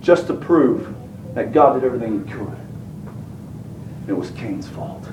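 A man's voice: medium pitch, expressive, unhurried, a little mellow, roomy sound, recorded from a distance, a little hiss or hum, poor audio. A man preaching a sermon in a folksy, colloquial manner, throwing rhetorical questions at his congregation. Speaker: pastor.

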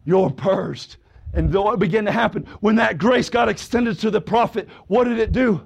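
Fervent gravelly-voiced male preacher. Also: high-pitched, moderate pace, lo-fi sound. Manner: fervent, calls out brother, sister, shouts hallelujah. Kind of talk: sermon. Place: church service with congregation responding.

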